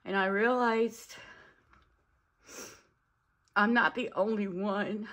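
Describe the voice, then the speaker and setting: A woman talking to her own camera at home in a personal vlog, nervous and tearful, halting with fillers and a shaky voice. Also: medium pitch, fairly even intonation, fairly bright tone. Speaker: vlogger. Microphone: camera mic.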